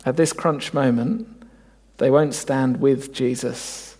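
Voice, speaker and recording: A man's voice: medium pitch, fairly even intonation, takes it slowly, a little mellow, slightly rough, long reverb tail. A man preaching a sermon, earnest and reflective, often asking his listeners rhetorical questions.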